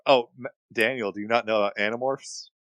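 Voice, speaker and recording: A man's voice: mid-range voice, steady tone, brisk, fairly bright tone, no echo. Joking young guy, dry close sound. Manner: joking, tangent-prone. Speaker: podcast co-host. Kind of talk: casual chat among friends.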